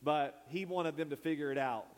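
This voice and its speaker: A man's voice: fairly high pitch, normal speed. A man, a pastor preaching a sermon who calls out to the congregation to repeat words after him. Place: church sanctuary. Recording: long hall reverb.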